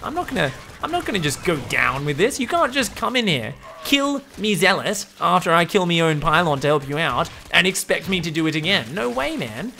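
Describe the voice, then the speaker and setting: A man's voice: a little high, very animated, a little fast, gravelly, bright, forceful tone, a little hiss or hum, heavily acted. Man doing an indignant cocky gamer guy. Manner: profane, slangy.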